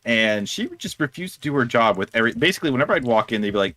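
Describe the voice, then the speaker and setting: A man's voice: mid-range voice, animated, very fast, sharp tone, no echo. A man co-hosting a casual chat, telling a rambling story and laughing through it. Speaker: co-host of a discussion stream.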